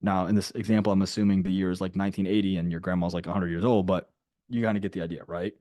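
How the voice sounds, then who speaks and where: A man's voice: deep voice, level tone, rapid-fire, warm tone, no room sound, clean studio sound. A man leading a group coaching call, talking casually and emphatically and repeating his key points. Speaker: sales coach.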